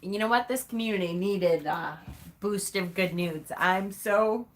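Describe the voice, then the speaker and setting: Speaking a little slowly in a mid-range voice, this livestream host chats casually with her viewers. She's emotional and gushing, replying to each comment by name and addressing people as honey.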